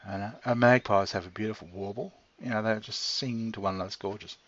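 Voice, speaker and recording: Middle-aged man, rambling casual monologue, swears and chuckles, deep-ish voice, muffled lo-fi recording. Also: steady tone, fast. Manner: meandering, swears freely, chuckles often. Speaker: channel host talking to his pet. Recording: dull lo-fi recording.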